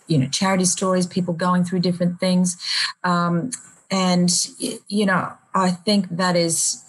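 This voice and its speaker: Husky-voiced Australian woman radio host. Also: fairly low pitch, poor audio. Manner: reflective, with many fillers and restarts. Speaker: radio host being interviewed. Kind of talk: conversational interview.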